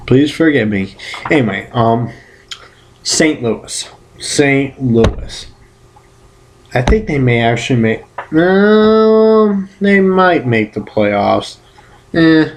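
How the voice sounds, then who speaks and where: A man's voice: medium pitch, animated, takes it slowly, long pauses, a little hiss or hum. A man in a casual solo vlog giving sports predictions, rambling and correcting himself with playful exclamations. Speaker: vlogger giving football predictions.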